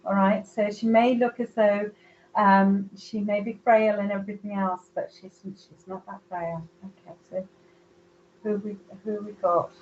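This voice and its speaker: Rambling woman medium on a live stream, a little muffled, soft background hum. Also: medium pitch, level tone, a little slow. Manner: chatty, rambling, searching for words. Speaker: psychic medium. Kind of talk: live online reading.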